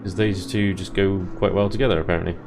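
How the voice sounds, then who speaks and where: A man casually commentating his strategy game play, chatty, self-deprecating and quick to laugh. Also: deep voice, steady tone. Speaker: let's play host.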